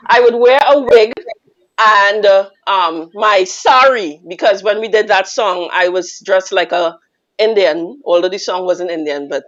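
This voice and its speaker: A Trinidadian woman guest telling a teasing, animated story with frequent laughter. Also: on the high side, highs cut off. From Trinidad and Tobago. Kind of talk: casual storytelling on a radio call-in.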